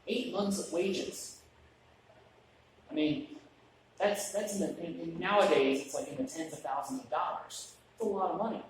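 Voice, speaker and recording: A man preaches in a relaxed, chatty way, dropping in joking asides and restarting his sentences. His voice rings through a very echoey church sanctuary, picked up from some distance away, with a faint hiss under it. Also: on the high side, normal speed, pauses often. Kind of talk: conversational sermon.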